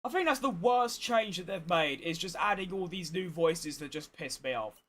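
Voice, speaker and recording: Hoarse, tired man, high voice, casual chatty gameplay commentary, swears when annoyed. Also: moderate pace, fairly bright tone. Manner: chatty, exasperated, swears freely. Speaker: gaming streamer.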